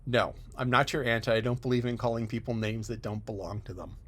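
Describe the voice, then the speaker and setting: A man reading an audiobook, voicing a stern, disapproving middle-aged spinster who speaks curtly and briskly. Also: mid-range voice, fairly even intonation, fairly bright tone, close to an everyday voice. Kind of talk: audiobook character voice.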